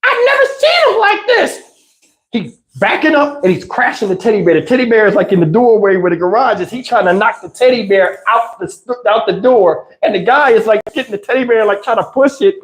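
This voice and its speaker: A man hosting a livestream, telling a wild personal story in an excitable, conversational way. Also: sits high, fairly quick, hardly any pauses. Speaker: channel host.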